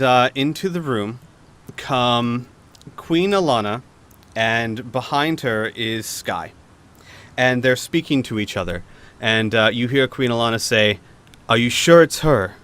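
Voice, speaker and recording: A man's voice: mid-range voice, a bit bright, clear, resonant tone. A man narrating a tabletop role-playing game as game master, hesitant and full of ums and uhs.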